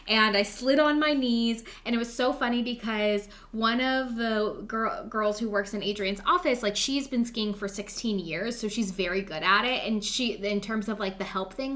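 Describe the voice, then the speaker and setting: A woman's voice: fairly high pitch, pushed and bright, slight background noise. A young woman co-hosting a podcast, telling a story in an upbeat, chatty way, full of "like" and acted-out quotes. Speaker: podcast co-host. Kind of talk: casual storytelling chat.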